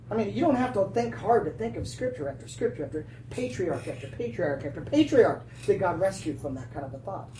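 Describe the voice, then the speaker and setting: A woman pastor preaching a lively sermon, laughing often and calling out for responses from the room. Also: mid-range voice, fairly quick, hardly any pauses. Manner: animated, laughing, calls for audience response. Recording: roomy, distant, faint noise.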